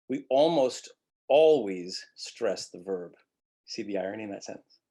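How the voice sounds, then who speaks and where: Highly melodic male acting teacher. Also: animated, moderate pace, dark tone. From Montreal. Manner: very melodic, demonstrates with vocal sounds. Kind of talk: webinar lecture.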